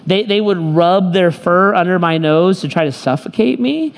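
A man's voice: high-pitched, expressive, normal speed, vocal fry, a little hiss or hum. A man preaching a sermon as pastor, emphatic and joking as he tells stories to his congregation. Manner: humorous, emphatic storytelling preacher. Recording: long hall reverb.

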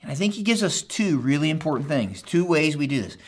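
A preaching man, voice a bit high. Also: fairly quick, breathy edge. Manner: animated preaching, swings from loud urging to hushed asides; talks straight to the men in the crowd. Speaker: pastor. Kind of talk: sermon.

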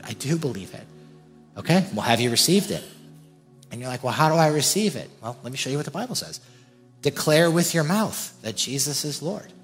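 A man's voice: on the low side, fairly bright tone. A man preaching as a pastor, fervent and emphatic, repeating his points during an altar call in a large church. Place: large church hall with congregation. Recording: reverberant church hall with faint music.

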